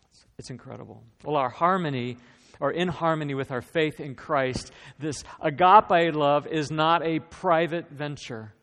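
Male pastor, gravelly voice, earnest storyteller, preaching a sermon in a big echoing hall. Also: a little high, measured pace, a bit bright. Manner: earnest, storytelling, repeats words when starting a phrase. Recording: long reverb of a large hall.

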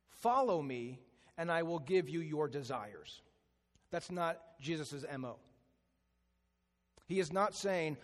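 Pastor preaching in a reverberant hall. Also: male voice, fairly high pitch. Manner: drops to a hushed, slow delivery on key phrases. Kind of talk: sermon.

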